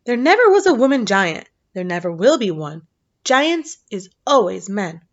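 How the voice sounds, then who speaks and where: A woman doing a booming, kindly old giant. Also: big pitch swings, muffled recording. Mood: earnest. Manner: booming, drawn-out, jumbled grammar. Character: huge kindly old male giant, muddled speech.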